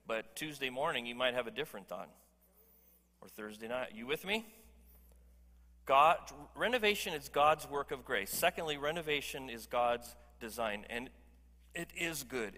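Male pastor, sermon delivery, bright and forceful, joking with the room, long hall reverb. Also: medium pitch. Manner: emphatic, conversational, jokes with the congregation. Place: church hall.

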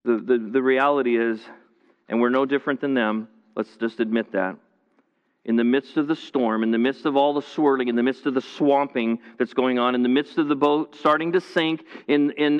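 A man preaches in a conversational style, circling back on his phrases and restarting as he goes. His voice sits in the middle range and carries a long reverb. The sound is a little dull and muffled. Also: mid-range voice. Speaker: pastor. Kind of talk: sermon. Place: church, streamed to viewers at home.

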